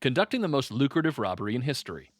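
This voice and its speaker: A man co-hosts a true-crime podcast, quickly reading the case notes aloud and often breaking off to joke and laugh in casual comedy chat. His mid-range voice swings widely in pitch, and the studio-quality recording has no echo.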